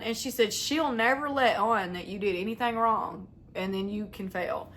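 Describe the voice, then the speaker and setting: A woman's voice: mid-range voice, moderate pace, few pauses, fairly bright tone. A young woman, telling a long story to her viewers in a chatty, rambling way and acting out the voices of the people in it. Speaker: vlogger. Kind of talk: casual storytelling to camera.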